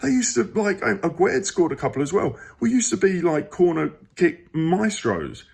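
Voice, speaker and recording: A man's voice: high voice, big pitch swings, moderate pace, creaky, darkish tone, breathy edge. A man reviewing a football match on his phone at home, rambling and exasperated, with emphatic outbursts. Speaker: football fan channel host. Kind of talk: casual match review to camera.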